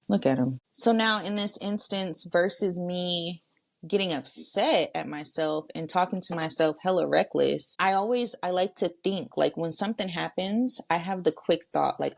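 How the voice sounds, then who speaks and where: A woman's voice: fairly low pitch, animated, normal speed, vocal fry, no room sound. A woman hosting a podcast, talking casually and directly to her listeners in a solo monologue. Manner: chatty, talks straight to listeners. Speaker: podcast host.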